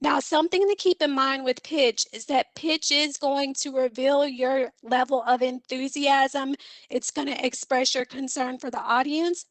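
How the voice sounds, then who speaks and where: A woman instructor giving an online seminar lecture on public speaking. She talks in a clear, instructive way and acts out vocal examples. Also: high voice, fairly bright tone, no room sound, low-quality recording. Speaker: communication instructor.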